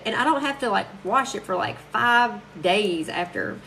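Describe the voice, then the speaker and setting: A woman's voice: a little high, lively intonation, sharp tone, a little hiss or hum, poor audio. A woman chatting casually and gushing to viewers while crafting on a live stream. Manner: chatty, gushing, quick to laugh.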